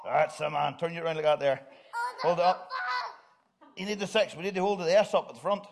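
A man's voice: fairly high pitch, a little fast, creaky. A middle-aged man, giving a jokey, upbeat children's talk in church and directing volunteers. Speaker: pastor.

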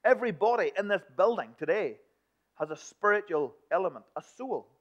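Man preaching, swinging loud to hushed. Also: sits high, animated, brisk. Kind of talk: sermon. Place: church building. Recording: dull lo-fi recording.

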